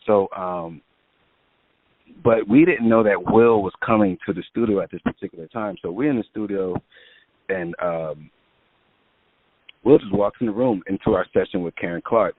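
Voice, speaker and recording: Deep-voiced man on a tinny line. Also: normal speed, pauses often, no room sound. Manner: rambling anecdotes with many fillers. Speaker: music producer guest. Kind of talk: casual storytelling interview. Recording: tinny phone-line sound.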